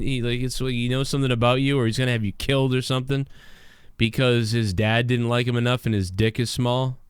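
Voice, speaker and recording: A man's voice: mid-range voice, clear, resonant tone, no room sound, clean studio sound. A man hosting a livestream show, ranting in a brash, profane, rambling way. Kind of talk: ranting live commentary.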